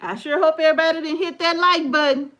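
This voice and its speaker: A woman's voice: high-pitched, fast talker, a bit bright, highs cut off. A woman co-hosting a casual livestream, laughing and greeting viewers by name as she reads the chat. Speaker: livestream co-host. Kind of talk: casual live chat reading viewer comments.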